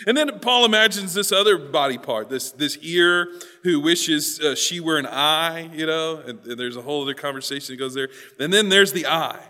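A male pastor gives an emphatic sermon in a reverberant hall, repeating words and alternating quiet asides with loud stresses. He sounds a little high and animated, speaking at a normal speed.

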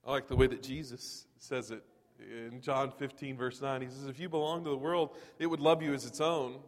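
Pastor from texas, reverberant hall. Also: male voice, mid-range voice, fairly even intonation, normal speed. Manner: conversational storytelling with humor. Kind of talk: sermon. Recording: long reverb of a large hall.

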